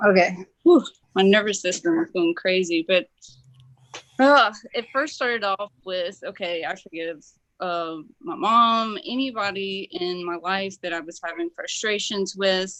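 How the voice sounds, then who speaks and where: A woman from Kentucky, calling in to a talk show, telling a personal story in an excited, tumbling way with many fillers. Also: medium pitch, no room sound. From Kentucky, USA. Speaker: caller. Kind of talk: call-in sharing a personal story.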